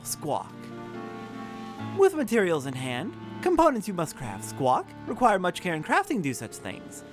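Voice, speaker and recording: A man doing a squawking bird-creature with backwards speech. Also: on the high side. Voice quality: squawking, inverted word order. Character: squawking birdlike tribal creature, grudging and aloof. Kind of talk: reading game dialogue aloud in voices.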